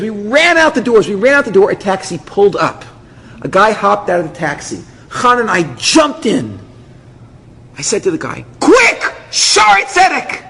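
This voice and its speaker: A rabbi with a high, husky voice tells an audience a story about himself, bringing it to life by performing every character's voice. The recording has faint noise and a long reverb from the hall.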